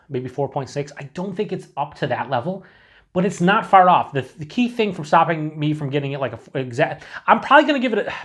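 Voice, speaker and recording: A man casually reviewing beer for his channel, chatty and rambling, with frequent swearing and filler words. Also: a little high. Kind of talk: casual tasting review to camera.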